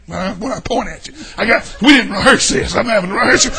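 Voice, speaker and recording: An older man preaching a folksy sermon, swinging between shouts and hushed asides. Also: high-pitched, very fast, few pauses, crowd noise. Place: church.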